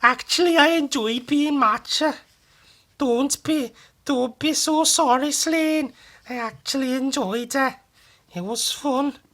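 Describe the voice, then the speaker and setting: Male performer voicing a teasing young woman: high falsetto, attempted Welsh lilt, bright and lilting. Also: slow, full character voice. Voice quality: high falsetto, sing-song. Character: young woman in an Irish comic, sweetly teasing.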